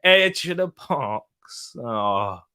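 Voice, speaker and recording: A man's voice: mid-range voice, big pitch swings, very slow, pushed and bright, clear, resonant tone. A man hosting a live football watch-along, talking in an exasperated, rambling way and repeating himself.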